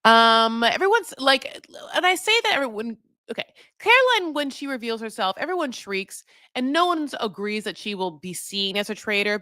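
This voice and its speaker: A woman's voice: medium pitch, pushed and bright, no echo, clean studio sound. A woman giving a casual, rambling recap of a reality show, full of "like" and "you know". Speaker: recap vlogger.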